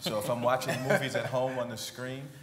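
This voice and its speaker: A man telling jokes in an interview, animated and laughing often. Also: medium pitch, brisk, roomy sound. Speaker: cast member interviewee. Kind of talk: conversational interview.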